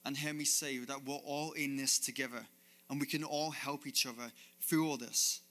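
Male pastor mid-sermon, bright forceful voice, earnest rhythmic delivery from a church stage. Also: mid-range voice, fairly even intonation, moderate pace. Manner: earnest, repetitive preaching cadence.

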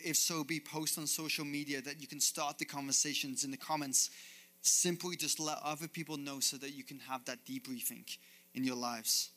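A man's voice: mid-range voice, bright, forceful tone. A man pastor preaching a sermon on a church stage, with an earnest, repetitive cadence.

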